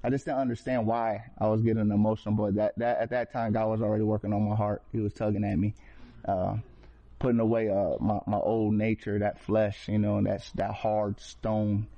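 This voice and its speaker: A man's voice: fairly low pitch, flat delivery, moderate pace, vocal fry, dark tone. A man telling his personal faith testimony in casual storytelling, earnest, with street slang and frequent restarts. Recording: slightly dull lo-fi recording.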